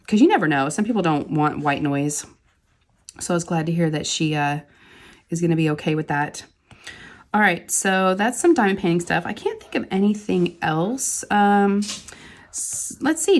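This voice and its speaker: A woman talks in a loose, rambling way while she does a craft project. Her voice sits a little low for a woman, and she laughs easily as she wanders from thought to thought. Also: a little hiss or hum. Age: adult with kids. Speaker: crafting channel host. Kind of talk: casual chat while diamond painting.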